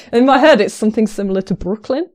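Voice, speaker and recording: A woman's voice: a little high, animated, fast talker, a little mellow. A woman chatting and teasing during a party game, laughing easily. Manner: giggly, teasing. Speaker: game player. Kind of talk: casual party-game chat.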